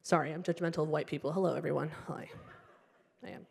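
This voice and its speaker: A woman's voice: low voice, fast, creaky, breathy edge. Wry middle-aged woman doing stand-up. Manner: animated, wry and self-mocking. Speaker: stand-up comedian. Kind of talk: stand-up storytelling. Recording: stage mic with hall reverb.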